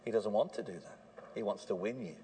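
A man preaching a sermon at an evening church service, earnest and swinging between hushed warnings and fervent emphasis. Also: lowish voice, brisk, slightly rough.

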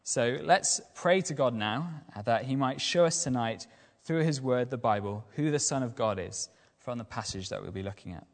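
A man giving a lively evening sermon as a lay preacher, using rhetorical questions and repetition. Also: mid-range voice, normal speed, big-room sound. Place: church.

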